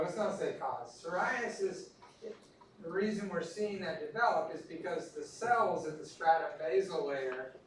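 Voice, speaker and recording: Middle-aged male instructor, chatty classroom lecture, fairly high voice, very echoey room, distant mic. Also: slight background noise. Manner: chatty, joking asides. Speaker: anatomy instructor. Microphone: recorded from a distance.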